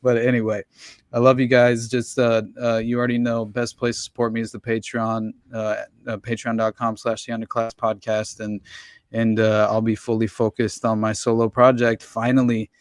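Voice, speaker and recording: A man's voice: medium pitch, completely flat delivery, moderate pace, clean tone, no room sound, clean studio sound. A man co-hosting a podcast, rambling and swearing freely in casual chat, laughing often. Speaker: podcast co-host.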